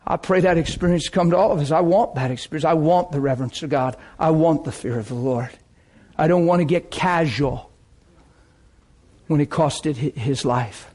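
A man preaching a sermon with fervent, emotional delivery that swings from loud outbursts to hushed intensity. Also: on the high side, normal speed.

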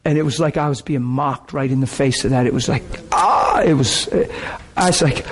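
A man preaching a sermon, telling a personal story in a dramatic, emotional way that breaks into shouts and laughter. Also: mid-range voice, moderate pace, hardly any pauses, low-quality recording.

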